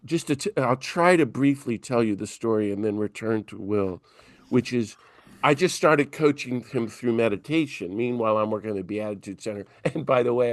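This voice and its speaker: Male priest, animated storyteller, mid-pitched voice, dry close sound. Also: dry recording. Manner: animated storyteller who acts out dialogue. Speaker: priest, interview guest. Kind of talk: conversational storytelling.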